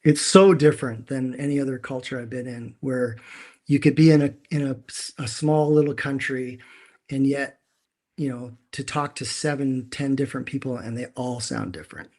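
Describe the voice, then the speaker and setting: A man's voice: medium pitch, fairly even intonation, moderate pace, darkish tone. A man, co-hosting a casual chat from a dim room at home over a video call, rambling and repeating words as he talks. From Canada. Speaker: co-host.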